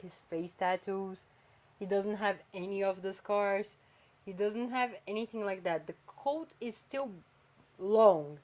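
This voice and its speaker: Chatty woman podcast host. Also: mid-range voice. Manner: animated, chatty, swings between flat and emphatic. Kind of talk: casual chat.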